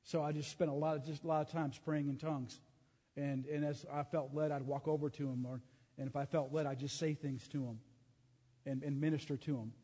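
A middle-aged male preacher shares a personal testimony in an earnest, halting way, restarting his sentences often. His voice sits a little high for a man. The sound carries a long reverb from a large hall. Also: fairly even intonation, warm tone, slightly rough. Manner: earnest storytelling with many restarts. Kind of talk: sermon testimony.

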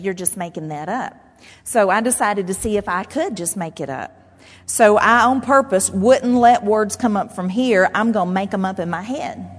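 A woman pastor preaching a sermon in a conversational, animated way. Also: mid-range voice. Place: church sanctuary. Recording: long hall reverb.

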